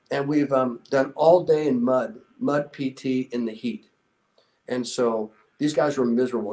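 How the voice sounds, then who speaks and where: An earnest older man in his sixties talks with a middle-range voice and tells his story with steady motivational conviction. When he quotes someone, his voice drops lower and softer. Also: low-quality recording. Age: 60s. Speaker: interview guest, former special warfare instructor. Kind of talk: conversational storytelling.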